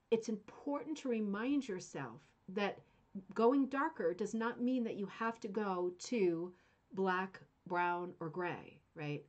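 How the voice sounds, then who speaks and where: Woman host, enthusiastic and rambling, casual teaching chat, mid pitch. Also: a little mellow. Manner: chatty and rambling, often asks "right?". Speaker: host of a craft club show.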